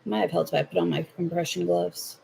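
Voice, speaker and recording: A woman's voice: fairly low pitch, fairly even intonation, a little fast, gravelly, warm tone, slight background noise. A young Southern woman hosting a livestream, chatting playfully with viewers while she crochets at home. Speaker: livestream host. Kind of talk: casual chat while crocheting.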